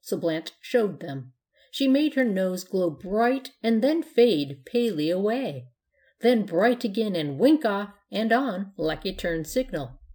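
A woman narrating a children's storybook aloud. Her reading is gentle and measured. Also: mid-range voice, expressive.

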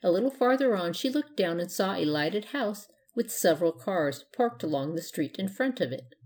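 A woman's voice: lowish voice, lively intonation, normal speed, darkish tone. Woman reading a children's storybook. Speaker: narrator.

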